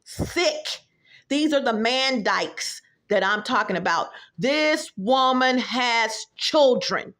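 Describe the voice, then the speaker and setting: A woman's voice: fairly high pitch, animated, slow, few pauses, a bit bright. A middle-aged woman giving blunt, profane reaction commentary on a vlog, telling stories straight to her viewers. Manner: blunt, profane, storytelling, addresses viewers directly. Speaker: YouTube commentator.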